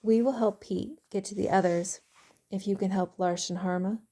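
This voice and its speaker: Woman reading a gentle young man. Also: mid-range voice, steady tone, moderate pace, lightly acted. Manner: gentle, practical. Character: steady, kind young man companion.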